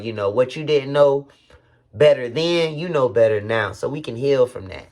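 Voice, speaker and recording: A man's voice: mid-range voice, normal speed, darkish tone. A man in his thirties giving a candid, heartfelt vlog talk. He speaks directly to his viewers, earnest and open, with loose street slang and frequent "you feel me" asides. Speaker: vlogger.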